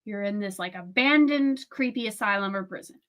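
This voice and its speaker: A woman's voice: mid-range voice, fairly quick, fairly bright tone. A young woman co-hosting a casual chat, playful and often giggling. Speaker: co-host.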